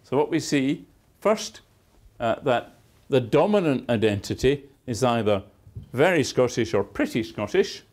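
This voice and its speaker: A man's voice: medium pitch, sing-song, measured pace, darkish tone. A man giving a university lecture, with dry, wry asides and emphatic stresses on key words. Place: lecture theatre.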